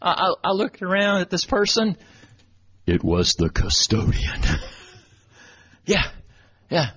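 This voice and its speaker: A man's voice: high voice, wildly swooping pitch, slow, a bit bright, slightly rough. A man from Texas giving a folksy, self-deprecating storytelling talk at church, chuckling as he goes. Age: 40s. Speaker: church speaker and webmaster. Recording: dull lo-fi recording with faint noise.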